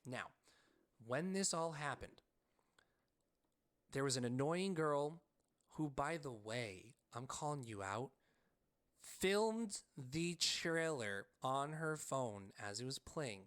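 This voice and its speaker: Man, podcast co-host, excitable, animated storyteller, casual chat, mid-pitched voice. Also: slow pace, pauses often. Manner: frequent "like" fillers.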